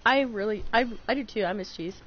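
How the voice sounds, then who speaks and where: A woman co-hosting a casual chat, telling animated stories with plenty of swearing and laughter. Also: mid-range voice, a little fast, husky, dull audio. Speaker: co-host.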